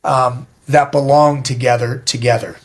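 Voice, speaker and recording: A middle-aged man speaks as a podcast guest, blunt and emphatic, with plenty of swearing. He tells stories in a direct, forceful way. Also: medium pitch, steady tone, normal speed. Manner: blunt, profane, emphatic storytelling. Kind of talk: casual interview talk.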